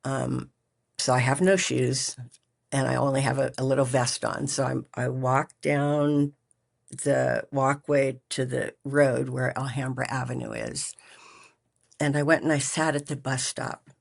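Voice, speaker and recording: A woman speaks slowly and haltingly, reflecting on a personal story as an interview guest. Her voice has a gravelly fry and a husky edge, and it sits in a middle pitch. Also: level tone. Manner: halting, reflective, many pauses and restarts.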